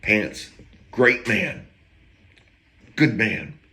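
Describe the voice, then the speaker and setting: A man's voice: fairly low pitch, lively intonation, very slow, sharp tone. A man casually telling an anecdote, rambling with wry, self-aware digressions. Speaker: storyteller. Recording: echoey room.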